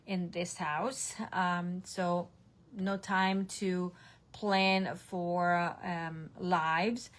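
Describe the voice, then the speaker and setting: A woman's voice: lowish voice, little pitch movement, very slow. A woman demonstrator casually recapping her card projects to camera from her home craft room, with lots of ums and self-corrections. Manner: chatty, showing cards, frequent ums and self-corrections. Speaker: online stamping demonstrator.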